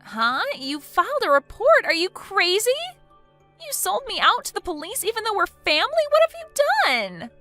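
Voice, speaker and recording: A woman's voice: high voice, wildly swooping pitch, moderate pace, bright, forceful tone, faint music behind, full character voice. A synthetic woman's voice playing an entitled young woman who talks in an indignant, self-pitying way.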